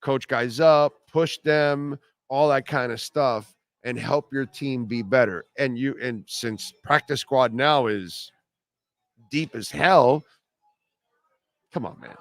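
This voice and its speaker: A man's voice: medium pitch, slow, no room sound. A middle-aged man hosting a sports talk radio show, talking casually, bluntly and rambling, often repeating himself.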